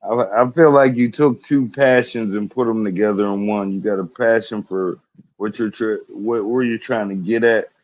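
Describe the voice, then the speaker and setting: A man's voice: fairly low pitch, steady tone, normal speed, a little mellow, no room sound, dull audio. A man who is a guest musician, chatting casually in a laid-back, polite way. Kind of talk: casual chat.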